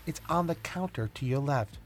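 A man's voice: on the high side, expressive, normal speed, faint music behind, pitched above the performer's own voice, lightly acted. A man voicing a cheerful, teasing young woman in a read-aloud story. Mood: playful.

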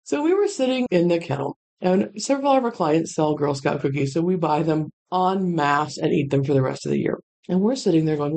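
A middle-aged woman who runs a dog kennel, telling rambling stories in a chatty, casual way with lively asides. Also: sits low, a little fast, creaky. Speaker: kennel owner. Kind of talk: casual storytelling monologue.

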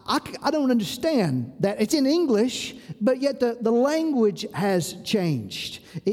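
A man's voice: very high-pitched, dark tone. A male pastor delivering a sermon in an earnest, exhorting manner, often breaking in with "listen.". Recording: long reverb of a hall.

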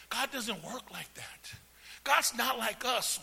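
Raspy high-voiced preacher in a reverberant church. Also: male voice, animated, slow. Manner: preaching with call-and-response, swings from soft to shouting. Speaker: pastor. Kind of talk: sermon. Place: church sanctuary. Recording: long hall reverb.

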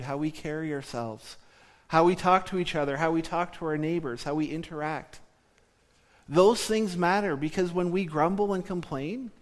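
A man from southern Ontario preaching a sermon, speaking in a measured teaching tone that slows down for emphasis. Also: a little high.

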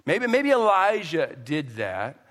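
A male pastor preaching a sermon with emphasis, swinging between loud and hushed delivery. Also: fairly high pitch, big pitch swings, takes it slowly, long reverb tail.

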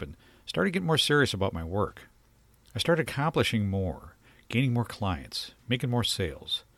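A man hosting a self-help show, talking in a plain, measured way with a few asides. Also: on the low side, dry recording. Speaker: podcast host. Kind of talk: scripted self-help talk.

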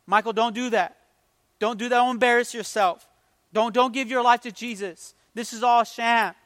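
A man's voice: very high-pitched, fairly even intonation, normal speed, fairly bright tone, no echo, clean studio sound, in a large hall. A man voicing a nagging inner demon voice, insistent and repetitive.

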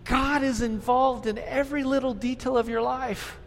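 A man's voice: very high-pitched, fairly even intonation, normal speed, creaky, few pauses, long reverb tail. A man in his fifties preaching a sermon, earnest and full of rhetorical questions. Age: 50s. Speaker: pastor.

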